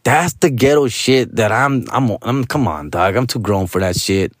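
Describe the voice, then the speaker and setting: A man tells a casual, animated story, full of profanity and slang, switching between Spanish and English. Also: medium pitch, moderate pace, no echo, clean studio sound. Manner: animated, with frequent street-slang tags.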